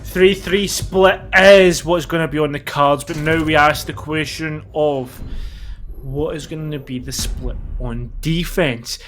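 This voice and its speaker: A man with a slightly high voice breaking down a competitive match as an analyst. He talks in a loose, conversational way, pausing on ums as he works through his point. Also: steady tone, a bit bright, slight background noise. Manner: conversational, thinks aloud with fillers. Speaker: esports analyst. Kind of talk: colour commentary.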